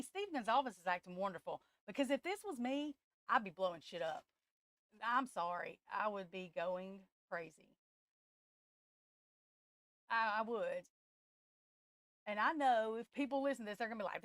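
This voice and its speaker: Her voice is medium in pitch, a little bright, clean and echo-free. Hosting a tarot live stream, she talks in an impassioned, tearful way, stopping and restarting haltingly and addressing viewers as "y'all" while nearly crying.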